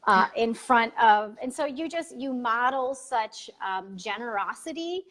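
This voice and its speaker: A woman's voice: on the high side, lively intonation, a bit bright. A woman hosting a casual chat, gushing with praise and often restarting her sentences. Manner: gushing, halting, many restarts. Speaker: podcast host.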